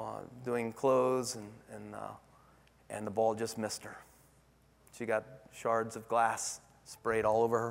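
A man's voice: medium pitch, vocal fry, in a large hall. A middle-aged man preaching a sermon as pastor, telling a personal story with many restarts and asides. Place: church sanctuary.

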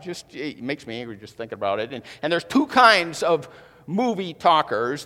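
Man, pastor, sermon, lively pitch, slightly high voice, long reverb of a church hall. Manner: animated, conversational, mimics moviegoers in higher voice.

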